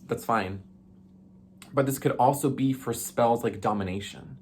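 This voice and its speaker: A man talks through a casual tutorial in a mid-pitched voice, chatty and loose with plenty of ums. He throws in sassy, teasing asides as he goes. A faint hum of room noise sits under the recording. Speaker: witchcraft video host.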